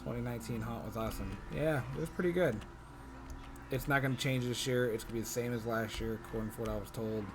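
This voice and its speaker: A man's voice: medium pitch, quick pace. Joking man on a noisy video call. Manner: joking, playful banter. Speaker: podcast host. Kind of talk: casual chat over video call.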